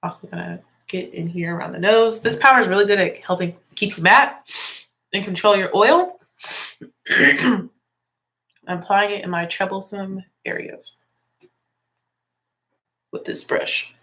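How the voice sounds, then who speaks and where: A woman's voice: medium pitch, a little slow, long pauses, a bit bright. A young woman with a slightly congested voice, chatting casually through a makeup tutorial and explaining each step as she works. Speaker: music teacher and beauty vlogger.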